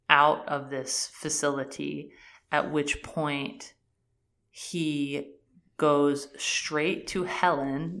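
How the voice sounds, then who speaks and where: A woman's voice: deep voice, creaky, fairly bright tone. A woman in casual chat, animatedly retelling a TV series' plot and acting out the characters' lines with many "like"s. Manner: frequent fillers "like" and "um".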